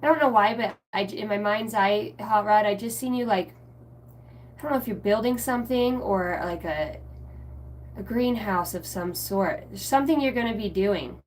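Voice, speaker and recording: This spiritual reader is a woman with a medium-pitched voice, talking at a normal pace on a casual livestream with slight background noise. Answering viewers as they come in, she wanders from point to point, drops the odd swear word, jokes at her own expense, and frequently leaves sentences hanging.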